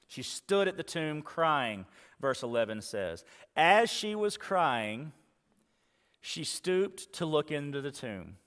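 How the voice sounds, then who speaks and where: A male pastor preaching a sermon, retelling scripture with dramatic pauses and slowing on key words. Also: fairly high pitch, fairly bright tone. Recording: long reverb of a church hall.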